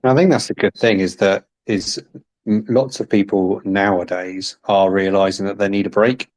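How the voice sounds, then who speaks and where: A man's voice: on the low side, fairly even intonation, normal speed, darkish tone. A man hosting a casual interview, chatty and teasing. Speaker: podcast host interviewer.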